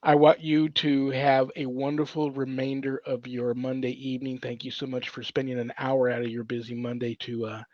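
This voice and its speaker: A man's voice: medium pitch, level tone, normal speed, few pauses, no room sound. A man who is a priest hosting a paranormal interview show, talking effusively and blessing his guest. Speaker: host, priest. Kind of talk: casual interview chat. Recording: dry, dull lo-fi sound.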